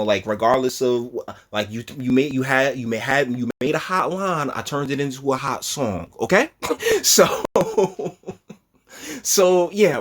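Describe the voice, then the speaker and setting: A man hosting a casual reaction commentary, talking in an animated, rambling way with repeated words and laughs. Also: mid-range voice. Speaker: commentary channel host.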